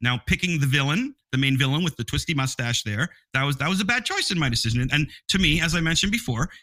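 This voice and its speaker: An excitable man on a movie-review panel, his voice bright and forceful and pitched a little high. He laughs often and stumbles over repeated words. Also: quick pace. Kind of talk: casual panel chat.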